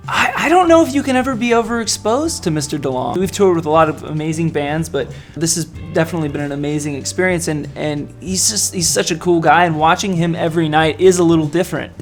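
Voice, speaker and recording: A man's voice: fairly high pitch, fast, few pauses, faint music behind. A man, a band frontman, answering interview questions casually and in a playful, self-mocking way.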